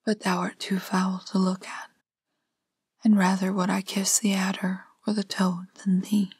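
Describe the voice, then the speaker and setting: A woman's voice: mid-range voice, flat delivery, measured pace, a little mellow, husky, dry recording. Woman whispering as a scornful proud boy. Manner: cold and haughty. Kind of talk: whispered role-play.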